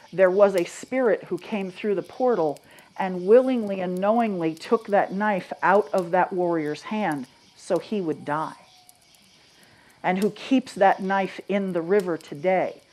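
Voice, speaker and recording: A woman from Maine telling ghost stories live to an audience, dropping to a hush and then rising loud and animated, asking the crowd questions. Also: lowish voice. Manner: dramatic, swings from hushed to loud and animated. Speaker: storyteller.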